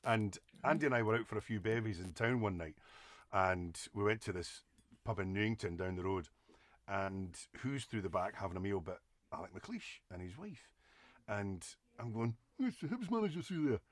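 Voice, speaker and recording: A man's voice: on the low side, normal speed, no room sound. A Scottish man, a podcast guest, telling casual anecdotes full of Scots slang. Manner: lively storyteller with Scots slang.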